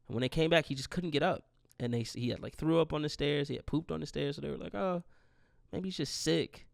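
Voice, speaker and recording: Gravelly young man telling a grieving story. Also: on the high side, fairly quick, dry recording, clean studio sound. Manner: rambling, profane, grieving storytelling. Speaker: podcast host. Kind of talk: casual monologue.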